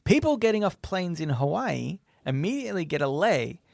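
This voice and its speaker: Creaky Australian man on a podcast. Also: high-pitched, very animated, normal speed, no room sound, clean studio sound. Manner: joking, laughs often, trails off mid-sentence. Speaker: podcast co-host. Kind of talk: casual chat.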